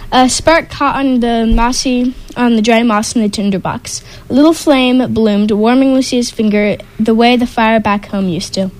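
A woman reading a picture book aloud, expressive, with small slips. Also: fairly high pitch, moderate pace, low-quality recording. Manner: expressive, with sound effects. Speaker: storyteller.

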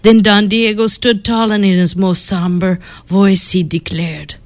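A woman reading a children's storybook aloud, expressive and dropping to whispers for suspense. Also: mid-range voice, unhurried, hardly any pauses, no echo.

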